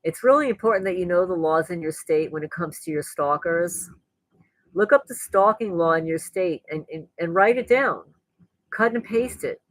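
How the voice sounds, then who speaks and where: This woman speaks to viewers of her channel in a casual, blunt, angry, rambling monologue. Her voice is on the low side at a normal speed, rougher than it used to be rather than sweet, captured in a dry, low-quality recording.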